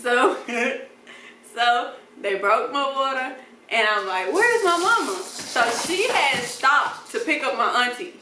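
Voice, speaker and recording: Young woman vlogger, lively storyteller, roomy sound with the mic a little away. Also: fairly high pitch, slow pace, recorded from a distance, background noise. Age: young adult. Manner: animated, acts out voices in quotes, laughs often. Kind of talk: casual storytime.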